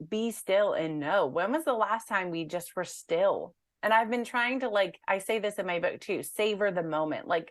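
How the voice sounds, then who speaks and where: A woman guest on an interview podcast talks in a chatty way, using many fillers and animated asides. Her pitch sits in the middle range. The recording is dry and close. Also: dry recording. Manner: chatty, animated, full of "like" and "you know". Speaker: guest author. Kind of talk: casual interview conversation.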